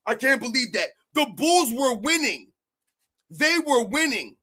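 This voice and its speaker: A man's voice: very high voice, a bit bright. A man hosting a heated sports rant, emphatic and argumentative, hammering his points by repeating them. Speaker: sports commentary host.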